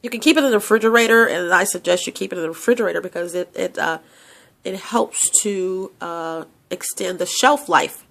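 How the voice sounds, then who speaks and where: A woman's voice: on the low side, fairly quick, gravelly, a bit bright. Woman with a stuffy nose rambling about her product, lots of uhs and restarts, talking into a handheld mic. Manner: chatty, rambling, many restarts and fillers. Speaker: channel host selling a hair product. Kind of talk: casual product vlog. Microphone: handheld microphone.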